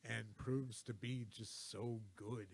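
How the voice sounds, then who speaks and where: A man co-hosting a casual movie talk show, speaking in a measured, hesitant way. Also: medium pitch, steady tone, gravelly.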